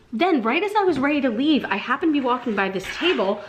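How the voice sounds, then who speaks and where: Gushing, excitable Southern woman vlogger. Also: fairly high pitch, quick pace, few pauses, slight background noise. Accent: American Southern. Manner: gushing, excitable, many fillers. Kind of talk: casual vlog chat.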